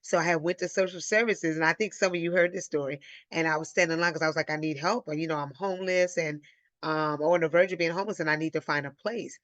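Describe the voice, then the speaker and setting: A woman from Illinois hosting a live Q&A, telling a personal story in a casual, animated way and acting out the voices she quotes. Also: low voice, fast talker, no room sound, lo-fi sound. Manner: animated, acts out quoted voices, addresses listeners as y'all. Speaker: host of a live Q&A.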